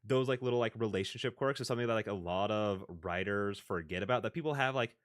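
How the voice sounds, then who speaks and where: A man's voice: lowish voice, fast talker. A young man streaming from his home desk into a desk microphone. He talks in a rambling, casual way, full of fillers and restarts. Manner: rambling, filler-heavy, self-correcting. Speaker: livestreamer. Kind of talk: casual live-stream chat.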